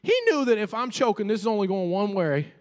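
A man preaching to his congregation in a church. His voice sits high and leaps up and down as he moves from playful asides to fervent appeals. A long reverb trails each phrase through the sanctuary. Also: brisk. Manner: animated preaching with humorous asides and calls to the congregation. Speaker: pastor. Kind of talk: sermon.

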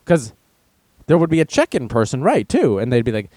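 This casual news show host is a man whose mid-range voice swings hugely in pitch as he talks fairly quickly. His tone is slightly mellow and the recording has no echo. Sarcastic and mocking, he reads stories aloud, then riffs on the headlines using put-on voices.

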